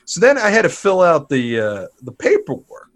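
A man's voice: fairly high pitch, moderate pace. A man telling a comedic story in a casual podcast chat, swearing freely and acting out what people said. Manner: animated, swears freely, acts out quotes loudly. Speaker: podcast co-host.

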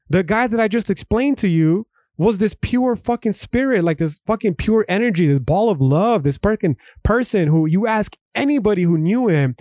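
A man's voice: high voice, darkish tone, no echo, studio quality. A young man from Texas hosting a solo podcast, ranting emphatically with heavy profanity and frequent restarts. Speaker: podcast host. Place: home room.

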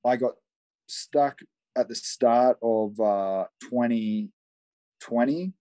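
A man's voice: medium pitch, slow, mellow, dry recording. A young man from Queensland with an Australian accent, talking casually and rambling over a remote call from a shed. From Australia, Southeast Queensland. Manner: rambling, friendly, many fillers. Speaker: guest on a call. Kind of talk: casual conversation. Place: backyard shed.

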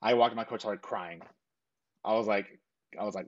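A man's voice: fairly low pitch, steady tone, normal speed, lo-fi sound. A young man telling a personal story in a casual, earnest way, full of fillers and quoted back-and-forth. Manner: earnest, rambling with frequent fillers and self-quotes. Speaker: interviewee.

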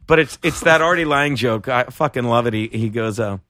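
A man casually telling stories on a podcast, excitable and swearing freely as he acts out quotes. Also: mid-range voice, fairly quick. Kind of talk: casual chat, animated storytelling.

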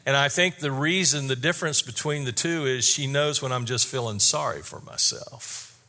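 A man preaching a sermon in an earnest, candid way, repeating his key statements slowly. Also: medium pitch, lively intonation, bright, forceful tone, big-room sound. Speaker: pastor.

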